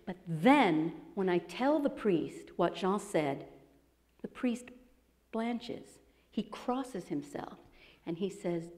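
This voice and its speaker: Brief: woman speaker, warm mellow tone, lively storyteller, long hall reverb. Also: mid-range voice, takes it slowly. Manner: animated, acts out quoted voices. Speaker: speaker presenting her book. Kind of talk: storytelling talk to an audience. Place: expo presentation hall.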